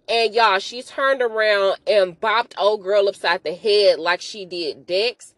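A woman hosting a podcast, retelling a TV episode in a chatty, animated way full of slang and asides. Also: medium pitch, takes it slowly, few pauses, dry recording. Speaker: podcast host. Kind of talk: casual episode recap.

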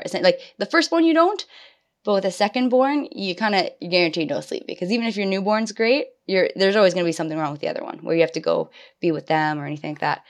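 A woman in her twenties, a podcast guest, telling a personal story in a chatty, animated way, acting out her own past thoughts. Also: on the low side. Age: 20s. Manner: animated storytelling with quoted inner voices. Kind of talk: casual podcast conversation.

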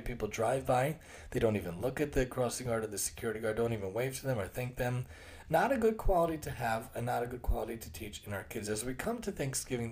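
A man's voice: mid-range voice, dark tone. A man hosting a podcast, talking earnestly in a casual monologue and sometimes restarting his phrases. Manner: acts out quoted remarks in other tones. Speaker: podcast host; occupational therapist.

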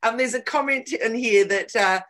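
A woman's voice: a little high, moderate pace, a bit bright. A woman hosting a casual chat, telling candid stories with emphatic repeated words.

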